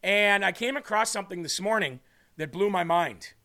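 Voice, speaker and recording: A man's voice: sits high, normal speed, pushed and bright. A man hosting a faith podcast, reading viewer comments aloud in an earnest, emotional way and tearing up. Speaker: podcast host.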